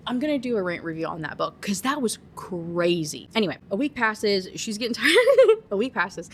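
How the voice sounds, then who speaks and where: A woman giving a casual rant review of a book, animated, swearing often and breaking into laughter. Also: mid-range voice, normal speed, slight background noise.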